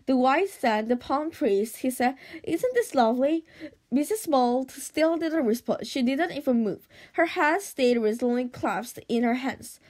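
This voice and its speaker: A woman reading an audiobook aloud at a steady pace, with occasional stumbles and restarts. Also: sits high. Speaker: audiobook reader.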